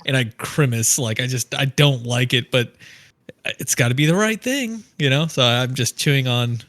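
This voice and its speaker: A man's voice: mid-range voice, moderate pace, a bit bright. A man playing in a tabletop game, casually and self-mockingly describing his character's actions. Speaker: player.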